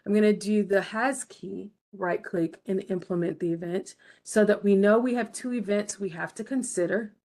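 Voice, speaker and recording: A woman's voice: mid-range voice, normal speed, few pauses, darkish tone. A woman teaching a game design class, explaining each step patiently and checking in with her students. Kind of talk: recorded screen-share lesson.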